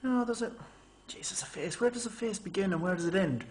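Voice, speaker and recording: A man talks straight to his camera in a loose, rambling monologue, his voice slightly higher than most men's. He tells stories with lively asides and slips into exaggerated voices when he mimics people. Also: fast. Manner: chatty, animated storytelling, mimics people in raised voice. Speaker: vlogger.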